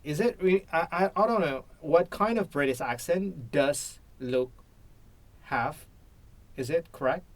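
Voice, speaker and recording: A man's voice: a little high, unhurried. An Indonesian man practicing spoken English, hesitant, often repeating and restarting while he searches for words. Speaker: English learner and teacher. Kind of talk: practice conversation.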